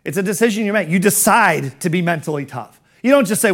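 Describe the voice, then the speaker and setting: A man's voice: sits high, lively intonation, fast, hardly any pauses, a bit bright. A middle-aged man giving a motivational business talk as a coach, firing rhetorical questions in an emphatic, conversational way.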